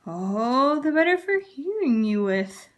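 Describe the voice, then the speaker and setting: A woman's voice: high-pitched, big pitch swings, slow pace, pitched above the performer's own voice, full character voice. A woman voicing a sneaky, hungry male wolf in a read-aloud storybook, drawn out and sly. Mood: wobbly fake grandma.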